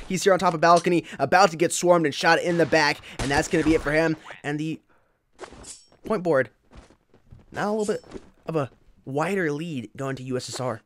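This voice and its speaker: A man co-casting a mobile shooter match, calling plays and explaining strategy. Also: fairly high pitch. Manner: analytical, rapid play calling. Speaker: esports co-commentator. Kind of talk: live play-by-play commentary.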